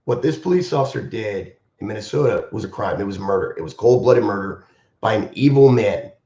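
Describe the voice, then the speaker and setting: With a lowish, mellow voice and a brisk, animated delivery, a man who teaches martial arts speaks emphatically and passionately on a live stream. He repeats his key phrases, and the recording sounds roomy, dull and lo-fi.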